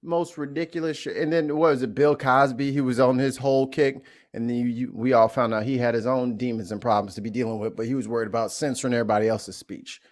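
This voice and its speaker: A man's voice: medium pitch, steady tone, quick pace, hardly any pauses. A man from St. Louis, a podcast interview guest, telling stories bluntly and profanely, often restarting his sentences. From St. Louis, USA. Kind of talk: candid storytelling in a podcast interview.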